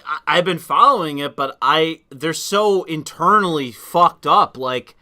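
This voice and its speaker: A man hosts a relaxed livestream chat, swearing freely and talking in a loose, casual way. His voice is bright and crisp, set a little high. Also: unhurried. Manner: profane, laid-back. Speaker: host.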